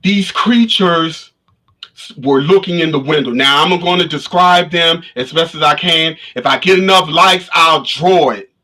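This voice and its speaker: A man's voice: on the high side, a little slow, pushed and bright. A man vlogger telling a story casually to his livestream viewers, rambling and restarting often. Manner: rambling, with many restarts and repetitions. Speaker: spiritual vlogger. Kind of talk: casual storytelling to a live stream audience. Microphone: camera of a livestream setup.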